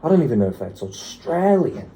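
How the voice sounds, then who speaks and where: A young British man doing a casual, excitable music reaction, chatty and slangy, with the odd swear. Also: medium pitch, brisk, echoey room, slight background noise. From United Kingdom.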